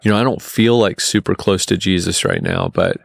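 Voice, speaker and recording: A man telling a long personal story in casual podcast talk, full of restarts and fillers, getting animated when he quotes people. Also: sits low, brisk, gravelly, no room sound. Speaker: podcast guest.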